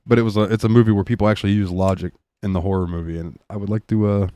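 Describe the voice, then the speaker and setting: A man co-hosting a podcast, telling stories in a casual, profane, animated way. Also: lowish voice, rapid-fire, dry recording. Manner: animated, profane storytelling with laughs. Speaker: podcast co-host. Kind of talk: casual chat.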